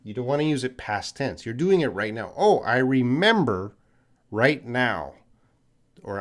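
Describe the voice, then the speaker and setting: Canadian guy answering english questions on a live stream, talks slow, repeats words for learners. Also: mid-range voice, very animated. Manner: patient explaining, repeats words slowly for learners. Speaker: English teacher.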